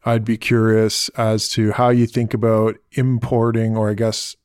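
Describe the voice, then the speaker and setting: A North American man hosting an interview, asking curious questions in a halting, casual way. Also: on the low side, little pitch movement, darkish tone, smooth, no echo, clean studio sound. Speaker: interview host.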